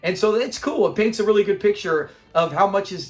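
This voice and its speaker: A man hosting a casual review of a sitcom episode, retelling scenes in an animated way, quoting characters and laughing often. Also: high-pitched, brisk.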